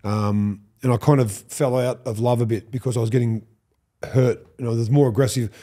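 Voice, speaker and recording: An Australian man in his fifties, a podcast guest, telling animated stories, swearing freely and acting out what others said. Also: medium pitch, normal speed. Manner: animated, swears, acts out quoted lines. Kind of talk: storytelling interview.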